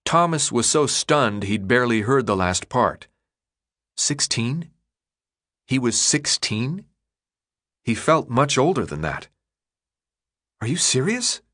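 A male audiobook narrator reading a novel. His delivery is expressive, with pitch moving lively through each sentence. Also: slow, pauses often, no echo, studio quality. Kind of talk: scripted narration.

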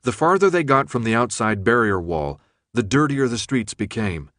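A man reading a novel aloud as narrator, in a steady, measured manner. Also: medium pitch, no echo, studio quality. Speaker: audiobook narrator. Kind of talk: scripted narration.

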